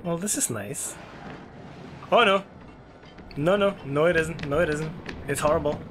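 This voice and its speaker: A man giving let's play commentary on a horror game, excitable and yelping whenever something startles him. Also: fairly quick, noisy background. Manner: excitable, yelps and jumps high when scared. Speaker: gaming YouTuber. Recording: game music playing behind.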